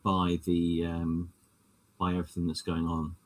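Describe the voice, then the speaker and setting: A man's voice: sits low, monotone, measured pace, recorded from a distance. A man running a tabletop horror game as game master, often hesitating and restarting sentences.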